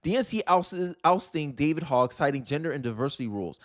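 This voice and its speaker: A man's voice: on the high side, animated, fairly quick. Exasperated young man ranting commentary. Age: young adult. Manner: exasperated, rambling, frequent restarts. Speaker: commentary channel host. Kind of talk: casual political commentary.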